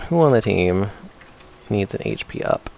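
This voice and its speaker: A man's voice: lowish voice, big pitch swings, a little slow, vocal fry, darkish tone, a little hiss or hum. Chatty man streaming a retro game. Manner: chatty, self-mocking, talks to the game characters. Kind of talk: casual let's-play commentary.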